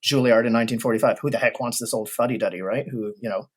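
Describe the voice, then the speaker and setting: A man, a guest expert on historical piano recordings, explaining ideas in a thoughtful, measured way during a casual interview. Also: mid-range voice, slightly rough.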